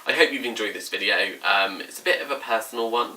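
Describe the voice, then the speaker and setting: A man's voice: on the low side, fast, sharp tone. A young man casually telling a personal story to camera as a vlogger, full of "like" and acted-out quotes. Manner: chatty, lots of "like", acts out quotes. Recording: slightly distant mic, faint room noise.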